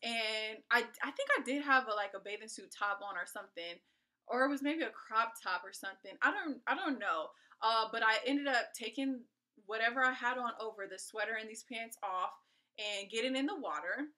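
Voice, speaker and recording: A woman from California telling a personal story to her viewers in a chatty, animated way. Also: on the high side, normal speed. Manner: animated, acts out what people said; chatty, addresses viewers directly. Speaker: storytime vlogger. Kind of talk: casual storytelling.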